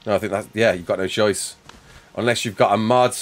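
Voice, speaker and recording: A young man chatting casually with viewers while playing a game live, quick to laugh and often restarting his sentences. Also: on the low side, steady tone. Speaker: live streamer.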